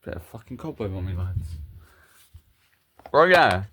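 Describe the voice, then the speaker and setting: A man performing a crude, improvised comedy skit with toys, swearing and rambling as his voice jumps between high and low. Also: big pitch swings, unhurried, pauses often, fairly bright tone, breathy edge.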